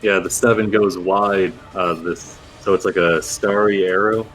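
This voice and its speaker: A man narrating as game master of a tabletop role-playing game, in a relaxed, chatty way. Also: low voice, a little slow, soft background music.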